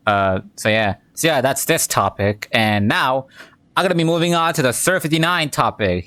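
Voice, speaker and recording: A man's voice: mid-range voice, normal speed, fairly bright tone, no room sound. A man giving casual gameplay commentary in a laid-back, rambling way full of fillers. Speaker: game commentator.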